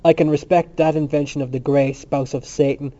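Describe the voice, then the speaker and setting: A man voicing a brash, scornful young male student who argues loudly, in a muffled recording. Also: fairly high pitch, fairly even intonation, lightly acted. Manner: provocative, loud and quick to argue.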